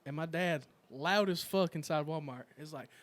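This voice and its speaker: A young man hosting a casual chat, telling profane stories and shouting out quoted lines. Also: on the high side, normal speed. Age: young adult. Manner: profane storytelling, loud acted quotes. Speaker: podcast host.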